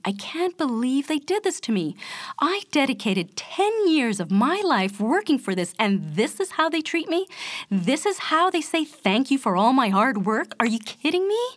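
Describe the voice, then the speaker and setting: A woman acting out an indignant, freshly fired man ranting at his boss. He talks in exasperated bursts that climb steeply in pitch, and the recording is dry and close. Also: dry recording. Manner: exasperated ranting, rising high.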